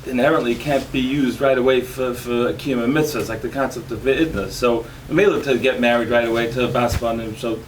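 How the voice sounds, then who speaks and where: A man's voice: medium pitch, steady tone, brisk, hardly any pauses, a little hiss or hum, rough recording. A man in a Talmud class, tentatively pushing back on the teacher's points. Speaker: student in the class. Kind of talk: casual discussion.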